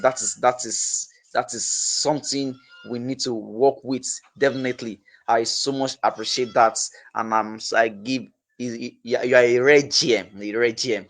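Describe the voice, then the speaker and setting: A man hosting an interview, asking questions and reflecting, with a halting delivery full of repeated words and restarts. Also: medium pitch, a bit bright, rough recording. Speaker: interview host.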